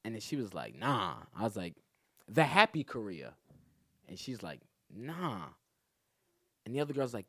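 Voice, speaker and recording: Man, comedian guest, casual storytelling, very lively pitch, dry sound, acts out quotes, laughs often. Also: moderate pace, long pauses, dry recording. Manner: animated, acts out other people's lines, laughs a lot.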